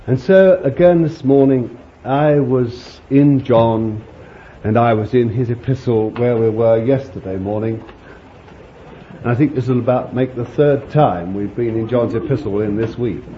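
A man preaching a conversational sermon, rambling warmly with chuckles and fond asides to his listeners. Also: mid-range voice, unhurried. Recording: dull lo-fi recording with faint hiss.

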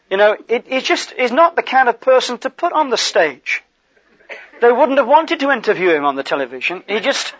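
High-voiced male preacher, muffled dry recording. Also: no echo. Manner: conversational, animated preaching with gestures and asides. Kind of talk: sermon.

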